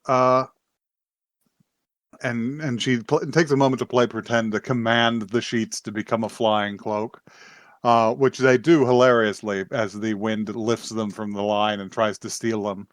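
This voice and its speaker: A man's voice: on the low side, fairly even intonation, unhurried, no room sound. Rambling man recapping an anime. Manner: rambling with many fillers and restarts, laughs often. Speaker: podcast host. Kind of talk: casual recap chat.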